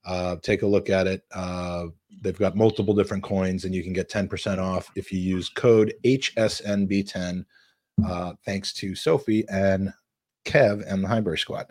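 A man's voice: sits low, steady tone, moderate pace, a little mellow, no echo, studio quality. A man hosting a podcast, reading listener questions and praising his co-host with enthusiasm. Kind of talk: casual podcast chat.

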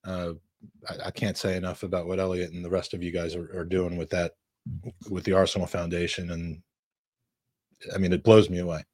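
A man's voice: sits low, little pitch movement, fairly quick, pauses often, darkish tone, dry recording, clean studio sound. A man hosting a podcast, reading listener questions and praising his co-host with enthusiasm. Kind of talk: casual podcast chat.

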